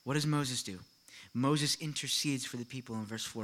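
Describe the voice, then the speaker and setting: A middle-aged man preaching a sermon to his congregation, animated and full of rhetorical questions and quick asides. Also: medium pitch. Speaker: pastor.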